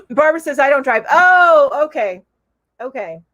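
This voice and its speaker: This middle-aged woman, hosting a relaxed live stream, reads viewer comments in a high voice with lively intonation and a measured pace. Bubbly and giggly, she coos at her cat between comments. The recording is dry.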